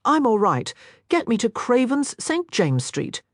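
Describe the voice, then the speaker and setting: Woman voicing a gruff, rude injured gambler. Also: a little high, big pitch swings, a little slow, dry recording, studio quality, voice pushed up. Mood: curt. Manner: harsh, curt.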